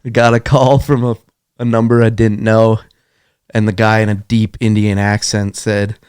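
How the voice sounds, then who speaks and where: A man co-hosting a studio podcast, telling jokes and short stories in an animated, casual way. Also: fairly low pitch, normal speed, smooth, no echo. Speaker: podcast co-host. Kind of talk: casual joke-telling chat.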